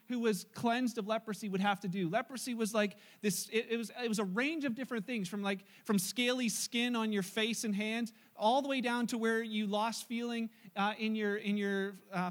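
A male pastor preaching a sermon, telling stories in an animated way and acting out the voices. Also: sits high. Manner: animated storytelling with acted-out voices.

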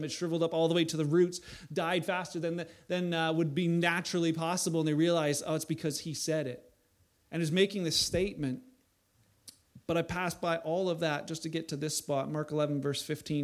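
A man preaching a sermon in a conversational way, building to loud emphatic bursts at times. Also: on the high side. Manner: conversational preaching, voice rising to near shouts for emphasis. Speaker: pastor.

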